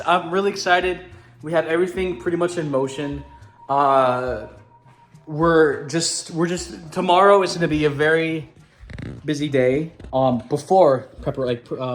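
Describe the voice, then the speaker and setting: A young man giving a casual video diary update, excited and rambling with lots of fillers and restarts. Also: on the high side, a little slow, soft background music. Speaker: vlogger planning a party.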